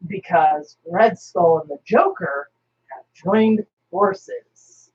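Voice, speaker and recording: A woman co-hosting a casual roundtable chat, telling stories with lively acted-out lines. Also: mid-range voice, a little hiss or hum. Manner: animated storyteller acting out characters' lines. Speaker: podcast co-host. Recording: dull lo-fi recording.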